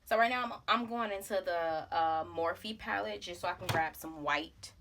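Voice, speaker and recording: A woman's voice: fairly low pitch, moderate pace, noisy background. A young woman, chatting casually and rambling through a makeup vlog, with dramatic outbursts. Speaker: beauty vlogger.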